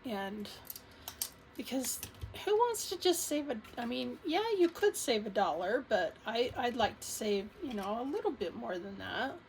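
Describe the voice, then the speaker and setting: Upbeat woman vlogger chatting slow about her savings, voice a bit high, some faint hiss behind. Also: sing-song. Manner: chatty, cheerful, counting money aloud with fillers. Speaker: budgeting channel host. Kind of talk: casual cash-stuffing vlog narration.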